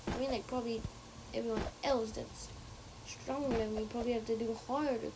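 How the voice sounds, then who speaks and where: High-voiced woman muttering over game noise. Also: steady tone, brisk. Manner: talks to herself, swears a lot, shrieks when startled, drops to muttered whispers. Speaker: gamer playing on stream. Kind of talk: casual gameplay commentary. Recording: loud background noise.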